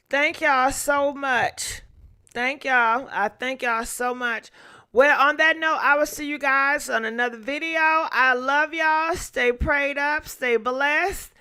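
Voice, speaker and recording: A woman's voice: high voice, bright, forceful tone. A woman hosting a casual livestream, venting with irritation about troll callers, cursing freely and thanking donors by name. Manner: profane, drawn-out thank-yous. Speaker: YouTube livestream host.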